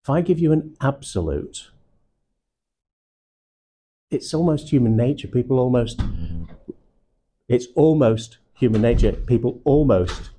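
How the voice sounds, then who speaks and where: A man leading a live sales training session in a room, teaching with slow, emphatic stresses on key words. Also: mid-range voice, warm tone.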